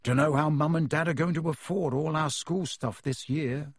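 A man's voice: fairly high pitch, steady tone, moderate pace, slightly rough, no room sound, studio quality. A man voicing a teenage wizard boy who speaks in a glum, offhand way.

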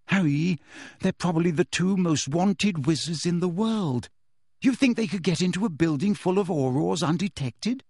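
Hermione, as a male reader puts her on, high and pleading. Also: animated, moderate pace, darkish tone, slightly rough, no room sound, clean studio sound. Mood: worried. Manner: pleading, hesitant, reasoning. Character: anxious, insistent teenage girl witch.

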